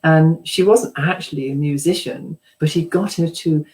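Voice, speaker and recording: The audio is poor, but you can hear a middle-aged British woman with a low voice speaking at normal speed. She's a psychotherapist being interviewed, and she tells warm, chatty stories full of ums and laughs, performing the quoted voices.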